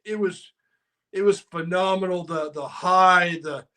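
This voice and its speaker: A man in his sixties hosting a podcast, chatting casually and excitably, saying "dude" a lot. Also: high-pitched, a little slow. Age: 60s. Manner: excitable, peppers speech with "dude". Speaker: podcast host. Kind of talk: casual chat.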